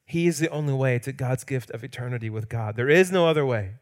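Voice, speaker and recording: This male pastor talks at a quick pace in a mid-range voice. His sermon shifts between loud, emphatic moments and quiet, hushed ones, with the occasional playful performance of quoted lines.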